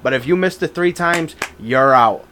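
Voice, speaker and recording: A man co-hosting a casual podcast, chatting and telling a family anecdote, dropping to quiet voices for quotes. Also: a little high, animated, moderate pace, slight background noise. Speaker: podcast co-host. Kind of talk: casual chat.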